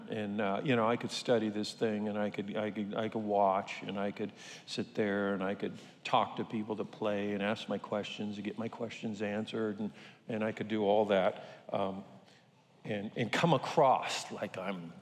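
An older man preaching a sermon to a congregation in a conversational, joking way. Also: lowish voice. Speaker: pastor. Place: church sanctuary. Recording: reverberant church hall.

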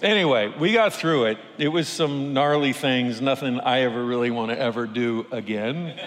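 A pastor preaching a sermon, telling a personal story with animated, self-deprecating humor. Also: male voice, medium pitch, moderate pace. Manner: animated, self-deprecating, acts out quoted voices. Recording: long hall reverb.

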